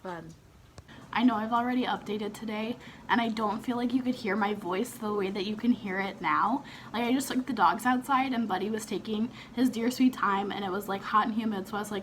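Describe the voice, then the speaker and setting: A young woman vlogs from home with a hoarse, raspy, half-lost voice. She talks casually and mocks herself dryly, often trailing off. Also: mid-range voice, fairly quick, slight background noise. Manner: casual, self-mocking, trailing off. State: hoarse, losing her voice. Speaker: vlogger. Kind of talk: casual vlog chat.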